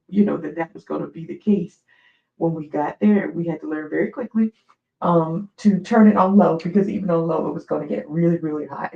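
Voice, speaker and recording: A woman from the United States hosts her live stream and tells rambling, animated stories. Her voice has a gravelly fry at mid pitch, and the sound is a bit dull and lo-fi. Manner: chatty, digressive, animated storyteller. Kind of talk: casual storytelling on a live stream.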